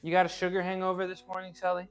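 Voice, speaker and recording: A man's voice: high voice, monotone, racing, smooth. A man chatting casually with his live-stream viewers as he trains, laughing easily and often restarting his phrases. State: working out. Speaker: streamer reading chat.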